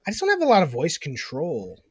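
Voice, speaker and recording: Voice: mid-range voice, huge pitch swings, fast, breathy edge. A podcast co-host in casual chat who laughs, swears, and mocks their own failed accent attempts. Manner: laughing, swearing, self-mocking.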